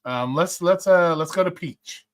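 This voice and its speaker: A man's voice: a little high, measured pace. A man hosting a livestream, talking casually and ranting with lots of swearing as he checks his likes and picks videos. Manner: rambling, profane, ranting. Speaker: livestream host.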